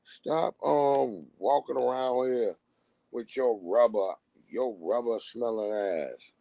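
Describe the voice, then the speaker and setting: Gravelly man ranting bluntly. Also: medium pitch, slow, no echo, rough recording. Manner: blunt, animated, acts out quoted voices. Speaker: live streamer. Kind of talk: casual profane rant.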